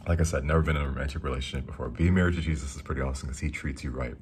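Very deep voiced young guy, chatty and excited about bible verses, reads them slow, slight background noise. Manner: relaxed, rambling, enthusiastic; reads scripture slowly. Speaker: Christian speaker. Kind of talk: casual devotional talk.

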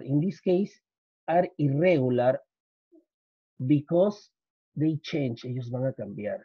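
Husky man teaching English with a Spanish accent. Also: medium pitch, expressive, no room sound. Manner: explains slowly, repeats, switches into Spanish for students. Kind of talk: recorded grammar lesson. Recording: dull lo-fi.

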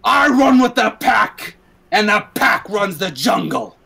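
A man voicing a cold, swaggering gang enforcer who delivers slow, drawling threats in a tabletop game. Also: sits high, very animated, gravelly, sharp tone, slightly rough, voice pushed up, full character voice. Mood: menacing.

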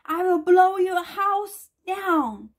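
A woman voicing a menacing, blustering big bad male wolf in a storybook reading, with a drawn-out threatening chant. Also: very high voice, animated, voice pushed up, heavily acted.

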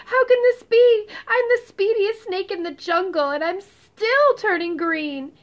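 A woman's voice: high-pitched, sing-song, moderate pace, highs cut off. A woman voicing a restless young male snake in a read-aloud storybook, with an eager, breathless manner. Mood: alarmed. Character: young restless yellow python, excitable boy.

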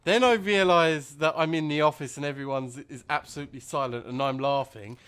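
A man's voice: on the high side, brisk, a bit bright, smooth. Man telling a rambling gaming story. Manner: rambling storyteller, laughs easily. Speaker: let's play host. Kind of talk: casual gameplay chat.

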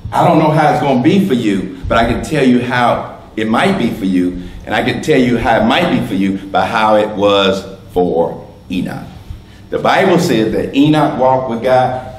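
Preaching man in an echoey church. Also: mid-range voice. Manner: swings from loud and shouting to soft whispers, repeats words. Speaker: pastor. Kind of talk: sermon. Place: church sanctuary. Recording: echoey church room, faint background noise.

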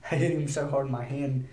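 A teenage boy vlogging in a casual, rambling way, nervous and prone to quick bursts of speech. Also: medium pitch, dark tone, echoey room. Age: teens. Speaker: YouTuber.

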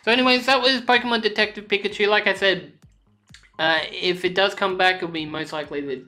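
A woman opening trading card packs on camera in casual chat, swearing freely and breaking into sudden high squeals of excitement. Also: brisk.

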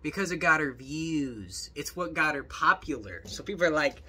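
A man's voice: on the high side, lively intonation, moderate pace, sharp tone, slightly rough. A young man commenting on videos in a jokey, rambling, exasperated way. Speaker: youtube commentator. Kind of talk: reaction commentary.

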